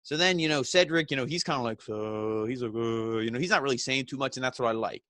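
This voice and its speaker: Male reviewer, mid pitch, sardonic and crude, dry close sound. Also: racing, fairly bright tone, dry recording. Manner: sarcastic, profane, mocking impressions of wrestlers. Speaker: wrestling show reviewer. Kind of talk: casual recap commentary.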